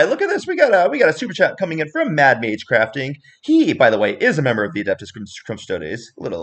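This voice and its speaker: Chatty, animated male livestream host. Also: mid-range voice. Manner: animated, chatty, laughs easily. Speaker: host and coach. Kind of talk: casual livestream chat.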